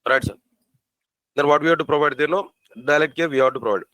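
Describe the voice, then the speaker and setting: A man teaching a programming class, asking his students rhetorical questions and spelling out code slowly. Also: a little high, fairly bright tone, no echo, rough recording. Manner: asks the class rhetorical questions, repeats phrases. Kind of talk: live coding lecture.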